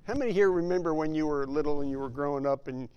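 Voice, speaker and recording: A man's voice: fairly high pitch, quick pace, warm tone, clean tone, highs cut off. A man preaching a sermon to a congregation, emphatic and full of rhetorical questions. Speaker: pastor.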